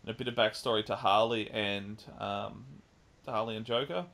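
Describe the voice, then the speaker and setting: A man co-hosting a podcast, casually recapping a film with lively retelling and the odd swear. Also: lowish voice, moderate pace, creaky. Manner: animated retelling with swearing and mimicked lines. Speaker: podcast co-host. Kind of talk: casual chat, film review.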